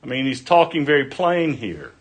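An older pastor preaching a sermon, slow and earnest, rising to loud cries and sinking to near whispers. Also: male voice, medium pitch, big pitch swings.

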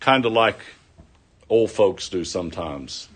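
Slow-preaching older man. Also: low voice, expressive, a bit bright, slightly rough. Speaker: pastor. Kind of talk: sermon.

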